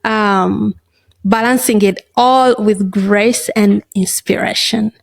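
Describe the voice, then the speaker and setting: A woman's voice: mid-range voice, fairly even intonation, creaky. A woman hosting a podcast, introducing her guest in a casual way with frequent fillers. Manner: slow, warm introductions with fillers. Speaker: podcast host.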